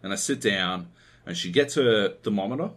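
Aussie podcast host rambling through a story, swears a lot, lowish voice. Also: male voice, expressive, moderate pace, fairly bright tone. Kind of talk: casual chat.

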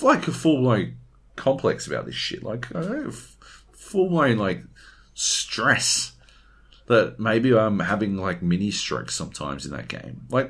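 A man's voice: fairly low pitch, husky. A man co-hosting a casual gaming podcast, swearing freely and acting out what others said. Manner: animated, swears freely, acts out quotes. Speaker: podcast co-host.

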